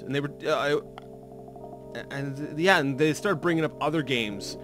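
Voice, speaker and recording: A man's voice: on the high side, normal speed, over music. A man in his thirties giving rambling, self-mocking commentary while playing a game, full of restarts and fillers. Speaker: let's play commentator. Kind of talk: gameplay commentary.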